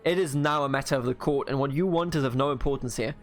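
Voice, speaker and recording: A man's voice: mid-range voice, quick pace, soft background music, close to an everyday voice. A man voicing a stern revolutionary court judge, reading curt, accusing questions from a video game.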